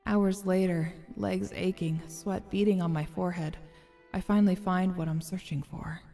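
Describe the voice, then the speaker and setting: A woman streamer reads a story game's narration aloud in a measured, expressive way. Her voice is fairly low and mellow. Faint music plays behind her. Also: vocal fry, big-room sound. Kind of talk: reading game narration aloud with casual asides.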